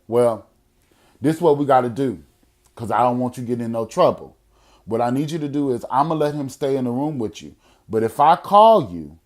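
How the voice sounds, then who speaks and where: A man hosting a podcast, telling a story in a casual, profane way, swinging from loud outbursts to hushed moments. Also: mid-range voice. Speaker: podcast host.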